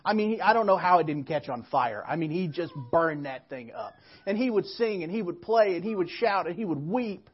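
A woman pastor preaching a sermon, telling stories and moving between quiet reflection and emphatic calls to the church. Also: medium pitch, lively intonation, brisk, dull audio, background noise.

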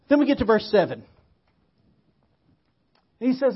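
A woman pastor preaching a sermon, telling stories and moving between quiet reflection and emphatic calls to the church. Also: on the high side, very animated, moderate pace, long pauses, husky, dull audio.

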